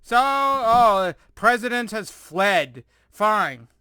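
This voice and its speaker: A man delivers a sarcastic, exasperated rant, full of swearing, sighs and frustrated repetition. His voice sits high and sounds bright and forceful. The recording is dry, with no room sound. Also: expressive, slow pace, clean tone, dry recording. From United States. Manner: sighs often, repeats words in frustration. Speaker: commentator reacting to news articles. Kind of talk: ranting commentary.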